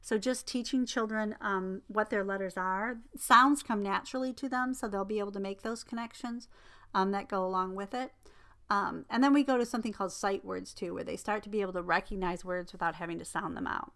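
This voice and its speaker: A woman's voice: mid-range voice, fairly quick. A middle-aged woman lecturing casually, filling her talk with ums and personal stories. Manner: relaxed, filler-heavy explanation with personal anecdotes. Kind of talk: recorded lecture.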